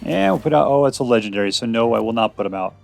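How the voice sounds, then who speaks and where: A man's voice: mid-range voice, expressive, rapid-fire, creaky, darkish tone, faint music behind. A man giving casual, jokey commentary as he plays a card game, talking to himself about his moves. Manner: chatty, jokey, talks to himself while playing. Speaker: gameplay streamer.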